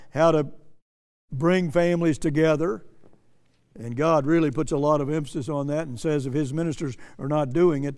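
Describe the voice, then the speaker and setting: A man's voice: a little high, darkish tone. Earnest preacher man in a reverberant hall. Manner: earnest, repeats himself, raises voice when quoting scripture. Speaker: pastor. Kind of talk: sermon.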